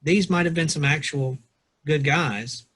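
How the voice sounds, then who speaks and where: A man's voice: a little high, measured pace, fairly bright tone, breathy edge. A man co-hosting a podcast, discussing a book in a loose, rambling way with many restarts. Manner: loose, rambling, reads quotes aloud with restarts. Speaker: podcast co-host, pastor or lawyer.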